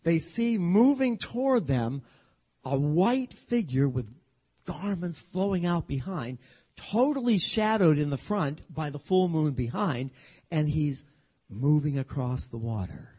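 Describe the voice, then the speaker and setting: Man, Bible teacher, storytelling sermon, husky voice, lively pitch, humorous. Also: unhurried. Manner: animated, humorous storytelling with acted-out quotes.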